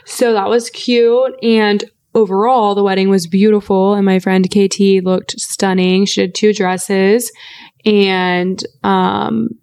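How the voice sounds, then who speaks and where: A woman's voice: medium pitch, level tone, slow, darkish tone, smooth. A young woman in her twenties co-hosting a podcast, chatting in a bubbly way with lots of "like". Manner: bubbly, filler-heavy chatter. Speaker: podcast co-host. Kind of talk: casual chat.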